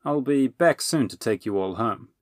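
A man voicing a cheerful, fussy male wizard, chummy and brisk. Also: medium pitch, lively intonation, no echo, clean studio sound, natural voice.

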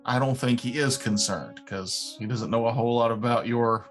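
A man's voice: mid-range voice, moderate pace, faint music behind. A man playing in a casual tabletop-game podcast, making wry jokes. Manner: wry, joking.

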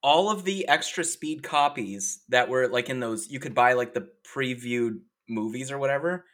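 A man co-hosting a podcast in casual chat, excitable and gleeful, often hedging his guesses. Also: medium pitch, normal speed. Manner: excitable and gleeful, hedging with "maybe" and "I don't know". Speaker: podcast co-host.

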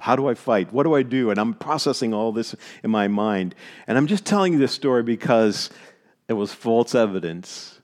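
A middle-aged man from Maritime Canada preaching a sermon, telling a story and repeating phrases for emphasis. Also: medium pitch. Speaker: pastor.

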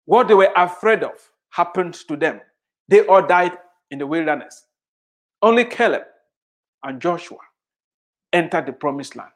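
A preacher in full sermon mode, with a voice whose pitch rises and falls in wide, animated swings. The delivery is emphatic and driven by repetition, circling back to key phrases again and again. Rhetorical questions are thrown out to the congregation throughout.

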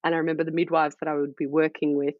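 A woman's voice: sits low, very fast, dry recording. A woman, a former midwife turned startup founder, telling self-deprecating stories as a podcast guest. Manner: energetic, self-deprecating storyteller. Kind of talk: casual podcast conversation. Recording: dull lo-fi dry audio.

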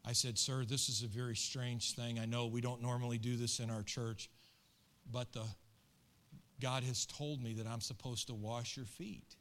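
A man's voice: medium pitch, little pitch movement, moderate pace, fairly bright tone. A middle-aged man, a pastor, telling a story in an earnest, emotional and colloquial sermon.

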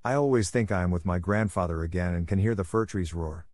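Man doing a timid homesick little girl, soft, sad. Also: low voice, quick pace, no echo, clean studio sound. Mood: wistful.

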